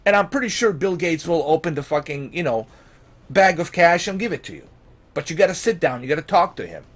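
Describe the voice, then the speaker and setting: A man's voice: a little high, very animated, a little fast. A man ranting in vlog commentary about games, exasperated and emphatic, swearing and firing off rhetorical questions. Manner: pleading and emphatic. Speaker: gaming vlogger.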